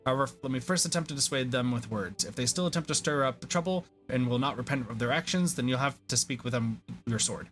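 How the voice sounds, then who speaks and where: A man's voice: mid-range voice, quick pace, hardly any pauses, a bit bright, soft background music, natural voice. A man reading aloud the lines of an earnest young male resistance general in a game, with formal, courteous phrasing.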